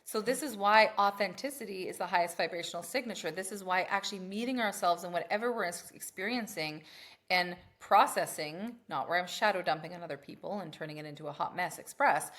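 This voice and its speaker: A woman's voice: fairly low pitch, fast. A woman co-hosting a casual podcast chat. She is a mother who tells stories in a brash, profane way and acts out her own past rants in a raised voice. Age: adult with children. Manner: profane, animated storytelling. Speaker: podcast co-host.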